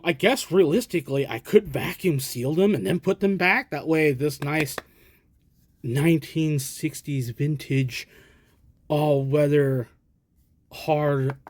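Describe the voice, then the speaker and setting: An American man from the States rambling casually as he shows off his vintage equipment, with chatty self-deprecating asides. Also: a little high. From United States. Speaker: collector showing vintage gear. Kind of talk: casual show-and-tell. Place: indoors, at a camera stand.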